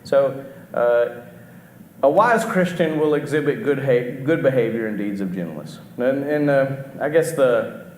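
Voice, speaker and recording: A middle-aged man delivers a conversational sermon in a church hall with a long, ringing reverb. His voice sits at an ordinary pitch, and he keeps turning to the congregation with questions. He often restarts his phrases, and a faint hiss lies under the room sound. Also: expressive, unhurried. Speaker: preacher. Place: church auditorium. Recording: echoey hall with faint background noise.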